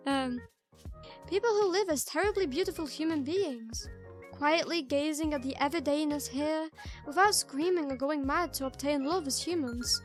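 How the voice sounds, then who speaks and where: A woman voicing a soft-spoken young female murder suspect, gentle and eerie, reading a visual novel aloud in a quiet, hesitant way. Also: high voice, moderate pace, soft background music, close to an everyday voice. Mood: wistful.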